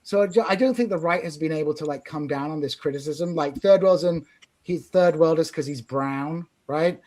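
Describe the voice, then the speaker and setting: A man hosting a casual political discussion podcast, talking in animated, opinionated bursts. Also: on the high side, moderate pace. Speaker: podcast host.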